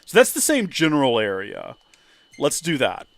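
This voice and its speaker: A man chatting casually over gameplay, animated and prone to high excited exclamations. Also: normal speed, no echo. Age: 30s. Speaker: let's play streamer. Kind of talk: casual gameplay commentary and storytelling.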